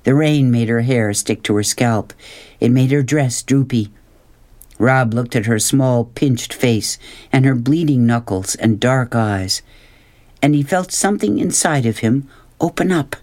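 A man reading a children's novel aloud as the audiobook narrator, in measured, unhurried scripted narration. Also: mid-range voice, darkish tone.

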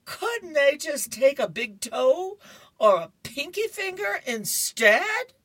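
A woman voicing a hysterical boy student from a comic strip, in a high, wailing and frantic voice. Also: big pitch swings, slow, fairly bright tone, heavily acted.

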